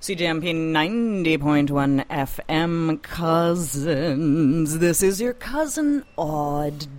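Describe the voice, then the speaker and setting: A woman's voice: deep voice, lively intonation, takes it slowly, a little mellow, no echo. A woman hosting a community radio show, playful and theatrical, drawing out her words in a studio. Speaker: radio host.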